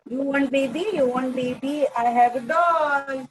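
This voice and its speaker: A woman's voice: high voice, measured pace, noisy background. A woman comforting a crying small child at home during an online class. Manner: soft comforting talk to a child. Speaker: parent in the class.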